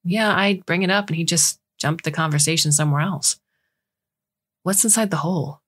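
A woman's voice: on the low side, normal speed, a bit bright, slightly rough. A woman voicing a wary, exasperated young adult son who talks bluntly and asks questions.

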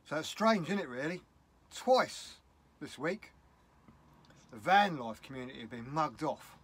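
A man's voice: fairly high pitch, lively intonation, moderate pace, a bit bright, husky. A middle-aged man with a British English accent, talking in a casual vlog, upset and rambling bluntly. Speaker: vlogger.

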